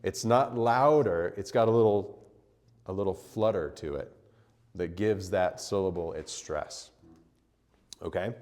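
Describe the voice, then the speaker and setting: A man's voice: low-pitched, measured pace, long pauses, a little mellow, big-room sound. A man teaching a church music class, explaining at length with fillers and frequent "right?" and "okay?" checks. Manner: sings solfege syllables as demonstrations. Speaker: chant teacher. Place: church hall.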